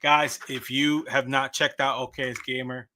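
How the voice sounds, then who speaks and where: A man's voice: mid-range voice, little pitch movement, measured pace, bright, forceful tone, a little hiss or hum. A man hosting a casual podcast, upbeat and jokey. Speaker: podcast host.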